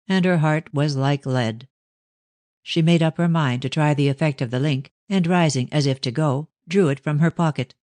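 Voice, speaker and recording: A man narrating an audiobook in an even, unhurried storytelling manner. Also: a little high, dry recording, clean studio sound. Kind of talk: scripted narration.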